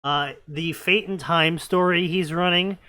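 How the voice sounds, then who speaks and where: A man's voice: a little high, steady tone, unhurried, pushed and bright, no echo. A man joking and rambling while commenting on fanfiction with friends. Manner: rambling, joking, puts on goofy voices. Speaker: co-host reading fanfiction. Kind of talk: comedic commentary chat.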